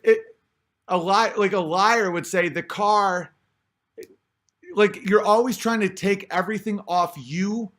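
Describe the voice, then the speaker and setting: A man's voice: sits high, a bit bright. A man talking in a casual spoken monologue, rambling with many fillers and restarts.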